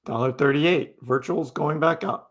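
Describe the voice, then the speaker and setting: A man with a high-sided voice speaks a little slowly while hosting a live crypto stream. He keeps the chat casual, reading viewers' messages and replying to each.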